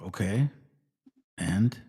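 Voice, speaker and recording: A man hosting a casual livestream chat, rambling, swearing freely and trailing off into quiet mutters. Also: on the low side, drawn-out words, breathy edge. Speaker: livestream host.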